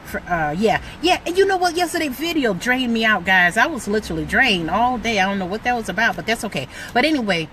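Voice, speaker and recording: Middle-aged woman, motivational vlogger, bright and fairly high, emphatic and chatty. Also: fast talker, hardly any pauses, slight background noise. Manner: excitable, emphatic, preachy, lots of "like". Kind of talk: motivational talk to camera.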